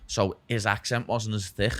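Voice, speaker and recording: A man's voice: lowish voice, level tone, normal speed, fairly bright tone, dry recording. A young man from Liverpool with a Scouse accent, chatting as a podcast guest, dropping "lad" and "know what I mean" constantly. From Liverpool, England. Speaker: guest, UFC fighter. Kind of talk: casual chat.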